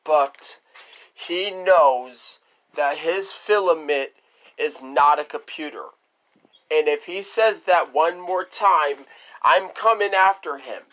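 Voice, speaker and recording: Slow, high-voiced man scolding. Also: fairly bright tone. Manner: scolding and repetitive. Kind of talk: improvised cartoon monologue.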